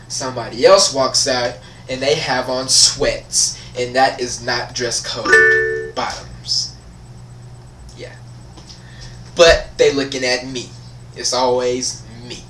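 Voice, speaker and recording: A man's voice: mid-range voice, moderate pace, bright, forceful tone, slight background noise. A teenage boy telling a school story as a casual, profane, frustrated rant. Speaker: vlogger. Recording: echoey room, voice from far off.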